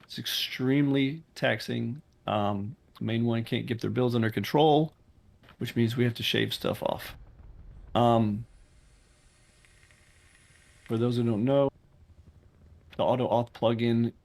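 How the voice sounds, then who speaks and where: Slow and creaky, a little mellow, his mid-range voice stops often as he leads the staff meeting for his online game server. Talking into a voice chat mic in a casual way, he stays firm and blunt and swears when something bugs him.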